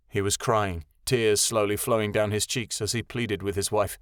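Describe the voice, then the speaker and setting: A man reading a fantasy novel aloud as audiobook narrator, with a steady storytelling delivery. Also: lowish voice, moderate pace, few pauses, clean tone, no room sound, studio quality. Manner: steady storytelling, voices every character.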